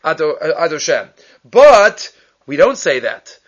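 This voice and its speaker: High-voiced man teaching a Talmud class. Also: sing-song, a little slow. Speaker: Torah teacher. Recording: muffled, lo-fi recording.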